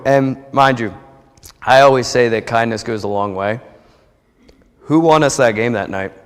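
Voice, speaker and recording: A man's voice: medium pitch, moderate pace, long pauses, smooth. A young man from New Jersey telling a heartfelt personal testimony at a church service, chatty and rambling with many restarts. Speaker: church member giving a testimony. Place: church sanctuary. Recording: long reverb of a church hall.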